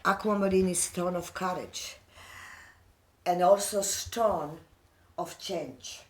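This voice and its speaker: An earnest woman in her 60s, an immigrant speaking heartfelt broken English, talks emotionally about personal matters. Her voice is fairly low and she takes her time, recorded in an echoey room with the mic far away.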